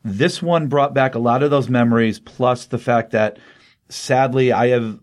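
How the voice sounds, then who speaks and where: A man's voice: medium pitch, fairly even intonation, a little slow. A middle-aged man co-hosting a podcast, casually retelling comic plots in a chatty way with frequent fillers. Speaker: podcast co-host reviewing comics. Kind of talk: casual review chat.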